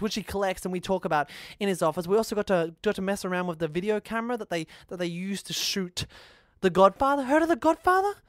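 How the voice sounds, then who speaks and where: A man's voice: sits high, dry recording, studio quality. A man hosting a podcast, introducing the episode in a playful, jokey way with rambling asides. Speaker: podcast host.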